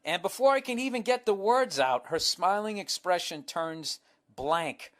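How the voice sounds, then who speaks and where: A podcast host with a Boston accent and a slightly high voice for a man, riffing in a casual comedic monologue. He is blunt and sarcastic and swears freely as he gives advice. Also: expressive, a little slow, a bit bright. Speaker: podcast host answering a listener letter.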